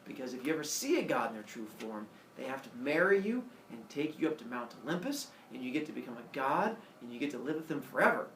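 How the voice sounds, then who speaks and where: A man's voice: mid-range voice, very animated, quick pace, few pauses, fairly bright tone, slight background noise. A man voicing a scheming goddess disguised as an old woman, coaxing and sly, heard across an echoey classroom. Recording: echoey room, camera far off.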